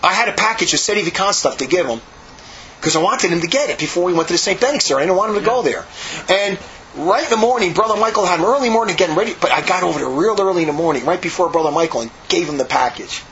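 A man's voice: sits high, animated, quick pace, highs cut off, a crowd in the background. A man, a monk, telling a rambling story in a casual way, with frequent repeats and restarts. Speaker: monk recounting monastery life.

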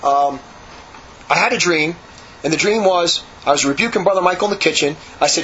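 A man with a high voice rushes through a rambling story, repeating himself and restarting sentences as he goes. He talks like a monk remembering life at his monastery. The recording is slightly muffled, with a faint hum behind him. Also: a bit bright. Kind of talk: casual storytelling.

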